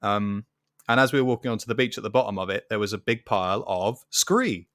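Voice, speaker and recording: A man's voice: fairly low pitch, expressive, brisk, fairly bright tone, no room sound, studio quality. A young man telling stories animatedly in a casual podcast chat, laughing often. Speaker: podcast co-host.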